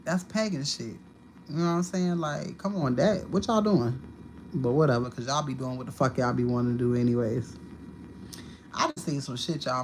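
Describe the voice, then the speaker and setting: Profane, animated woman livestreamer. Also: very deep voice, slight background noise. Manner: profane, animated storytelling with sudden loud outbursts. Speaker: livestream host. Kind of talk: casual livestream monologue.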